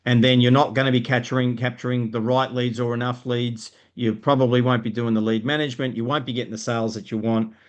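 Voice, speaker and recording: Energetic Australian man coaching business. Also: mid-range voice, fast talker, hardly any pauses, highs cut off. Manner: energetic, explanatory, frequent rhetorical "right?". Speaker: business coach co-hosting a live stream. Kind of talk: live stream business teaching.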